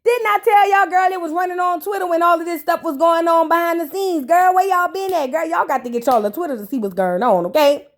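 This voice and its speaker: High-voiced woman gossiping to viewers. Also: fairly quick, hardly any pauses. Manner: animated, profane, talks straight to viewers. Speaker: reaction show host. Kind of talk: casual gossip recap.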